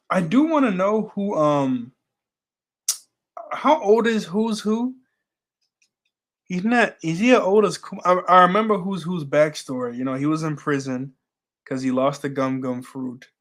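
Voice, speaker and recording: A man's voice: a little high, a bit bright. Chatty man reacting to a manga. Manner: reads panels aloud and muses, with fillers and quick laughs. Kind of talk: casual manga read-through and reaction.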